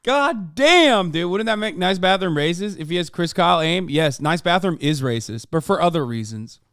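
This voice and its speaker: A man's voice: high-pitched, expressive, normal speed, smooth, dry recording, studio quality. Sarcastic, profane young male streamer. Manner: sarcastic, profane, bursts of loud laughter. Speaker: streamer reacting to clips. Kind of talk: casual livestream commentary.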